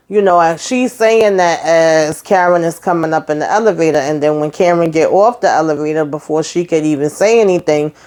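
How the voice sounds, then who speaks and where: A woman's voice: sits low, a little mellow. A woman casually recapping a TV episode, retelling scenes in chatty vernacular with lots of fillers. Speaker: show recap host.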